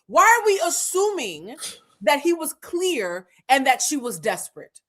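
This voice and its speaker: Animated, outspoken woman host. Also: high-pitched, moderate pace. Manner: animated, blunt and profane, acting out quotes. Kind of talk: live pop-culture commentary.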